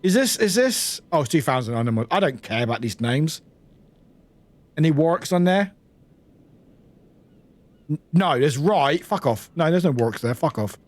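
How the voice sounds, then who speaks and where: A man from the UK commentates on his game in casual stream chat. His voice sits slightly high and moves around a lot in pitch. He laughs often and drops the odd swear word. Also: big pitch swings, normal speed, long pauses.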